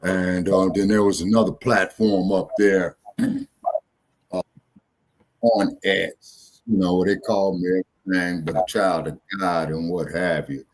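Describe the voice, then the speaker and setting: A man's voice: sits low, steady tone, a little slow. A man hosting a casual talk show, easygoing and drawn out, with many fillers. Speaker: host.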